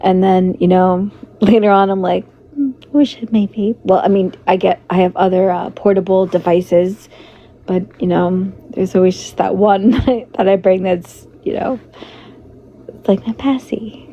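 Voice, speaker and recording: A woman livestreaming in a loose, rambling way, greeting her viewers and fighting a hoarse, fading voice. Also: medium pitch, fairly even intonation, moderate pace. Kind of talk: casual livestream chat. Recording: dull lo-fi stream audio with faint noise.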